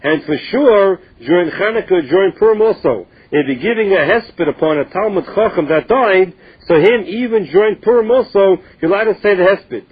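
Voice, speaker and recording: A man with a high, husky voice teaches a Talmud lesson. He reads a phrase and then explains it in English. The sound comes through a thin, tinny phone line. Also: animated, moderate pace, few pauses.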